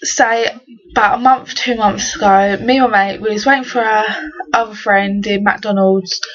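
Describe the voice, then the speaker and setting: Over dull, lo-fi webcam audio, an English teenage vlogger rants casually about a story, slangy and exasperated. Her voice is medium in pitch with fairly even intonation at normal speed.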